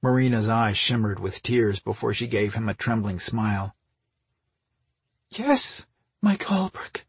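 Deep, very husky male narrator. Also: fairly even intonation, normal speed, hardly any pauses, no echo. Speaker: audiobook narrator. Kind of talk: scripted narration.

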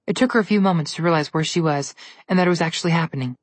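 A woman narrating a children's fantasy storybook aloud with steady, clear storytelling. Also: on the low side, very fast, no room sound. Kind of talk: storybook reading.

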